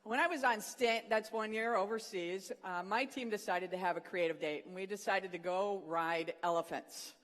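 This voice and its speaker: Animated devotional speaker with a mid-range voice who acts out funny stories, recorded in a large hall with long reverb. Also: medium pitch, moderate pace, hardly any pauses. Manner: animated storyteller, acts out the quotes. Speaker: speaker at a morning session of a Christian student program. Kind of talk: humorous storytelling devotional talk.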